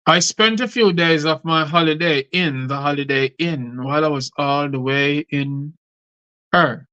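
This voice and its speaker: Bright-voiced poet host. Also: male voice, on the high side, measured pace, clear, resonant tone, lo-fi sound. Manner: rhythmic, rhyming delivery. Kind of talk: performance poetry recital.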